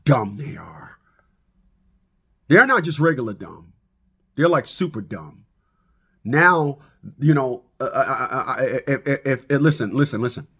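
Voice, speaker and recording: A man ranting comically to his viewers, animated, stammering and laughing at his own jokes. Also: mid-range voice. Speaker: vlogger. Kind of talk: comic rant to camera.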